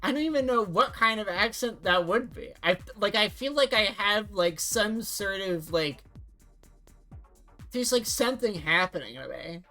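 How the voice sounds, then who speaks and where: A young adult woman streamer chatting casually, rambling and halting with many restarts and the odd swear. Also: medium pitch, lively intonation, sharp tone, faint music behind.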